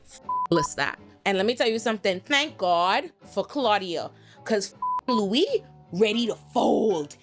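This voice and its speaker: Profane, animated woman recapping TV. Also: mid-range voice, measured pace, soft background music. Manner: acts out quotes in put-on voices. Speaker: pop culture commentator. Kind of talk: casual TV episode recap.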